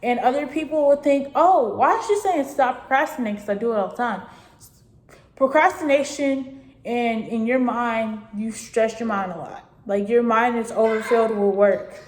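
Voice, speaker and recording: A teenage girl talks straight to her viewers, circling back over the same points in an earnest, rambling way. Her voice sits a little high, and the room around her gives it a noticeable echo. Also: normal speed, a little mellow. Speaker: vlogger giving advice. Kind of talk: casual spoken advice. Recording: echoey room.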